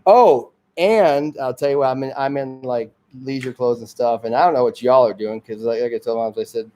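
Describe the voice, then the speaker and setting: A man's voice: mid-range voice, moderate pace, dark tone. A man from the Detroit area hosting his own homemade magazine show, rambling through tangents with frequent chuckles and restarts. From Detroit area, Michigan. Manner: digressive, chuckling often, trailing off and restarting. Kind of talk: rambling casual monologue.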